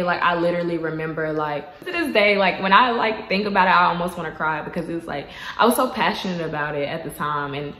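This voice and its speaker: A woman's voice: lowish voice, quick pace, hardly any pauses, sharp tone. Chatty young woman in an echoey room. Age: young adult. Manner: chatty, heavy use of "like" and "y'all". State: tearful, holding back crying. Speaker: vlogger. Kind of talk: personal storytelling vlog.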